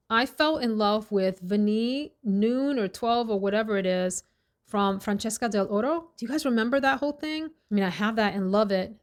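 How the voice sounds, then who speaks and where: A woman chatting casually in a fragrance review vlog, enthusiastic and talkative, dwelling on each scent note. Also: medium pitch. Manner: chatty, enthusiastic, lists scent notes slowly.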